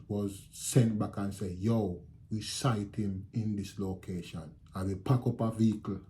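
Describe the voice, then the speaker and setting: Dark-voiced Jamaican man telling a story. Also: lowish voice. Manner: animated retelling with repeated phrases and quoted speech. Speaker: channel host telling a story. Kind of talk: casual storytelling to viewers.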